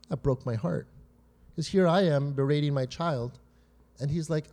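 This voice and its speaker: A man preaching in a loose, conversational way, his voice a little higher than most men's. His tone is mellow and soft-edged. He keeps turning to the congregation with quick "right?" and "you know?" questions as he tells stories from home. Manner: frequent "right?" and "you know?" check-ins with listeners; tells personal family stories to make points. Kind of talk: conversational sermon.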